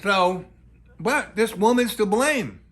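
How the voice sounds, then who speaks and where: Middle-aged man, rambling storyteller, animated, slightly high voice. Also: slow pace. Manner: animated, full of fillers and restarts.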